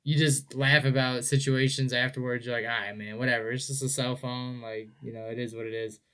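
A man's voice: mid-range voice, little pitch movement, a little fast, fairly bright tone, smooth. A young man in casual podcast chat, laid-back and rambling, full of filler phrases.

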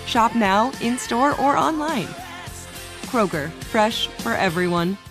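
A woman's voice: on the high side, lively intonation, takes it slowly. Upbeat woman reading a grocery ad. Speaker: ad announcer. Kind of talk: upbeat scripted ad read. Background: music.

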